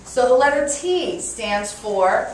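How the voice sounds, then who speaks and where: A woman with a Brooklyn accent giving a lively motivational talk to a live audience and calling for their answers. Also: on the high side, slow. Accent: New York (Brooklyn). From Brooklyn, New York. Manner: energetic, playful, calls for audience response. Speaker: motivational speaker. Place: meeting room with an audience. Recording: echoey room from far off, faint noise.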